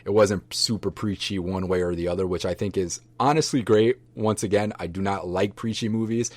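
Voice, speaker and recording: A man with a very low, deep voice ramblingly reviews a film for his viewers. He talks loosely and warmly, full of fillers and restarts, with plenty of enthusiasm. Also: steady tone, brisk, no echo. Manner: enthusiastic, affectionate toward viewers. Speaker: vlogger reviewing books and movies.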